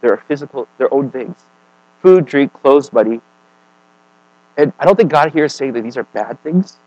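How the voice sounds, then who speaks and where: Male preacher, mid-pitched, conversational sermon, dry sound with a faint mains hum. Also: animated, normal speed, no room sound, dull audio. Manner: conversational, keeps asking "right?" and "okay?"; swings between emphatic and quiet.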